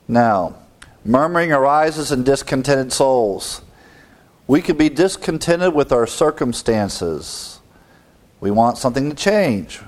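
A man's voice: medium pitch, darkish tone. Man preaching an expository sermon. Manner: teaching, explains word meanings, asks rhetorical questions. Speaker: pastor.

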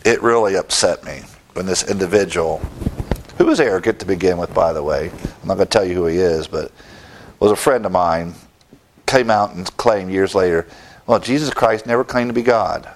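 A middle-aged male preacher delivering a sermon, emphatic and rising in pitch when he presses a point. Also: moderate pace.

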